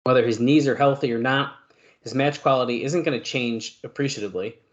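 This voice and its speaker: A man's voice: medium pitch, fairly quick. A man co-hosting a podcast, reading news aloud with fillers and side comments. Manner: reads long news passages with filler and asides. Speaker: podcast co-host.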